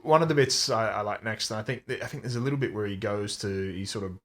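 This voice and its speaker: A man's voice: on the low side, quick pace. A man co-hosting a book podcast, speaking in a thoughtful, hesitant way and often repeating words. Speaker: podcast co-host. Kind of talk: casual book discussion.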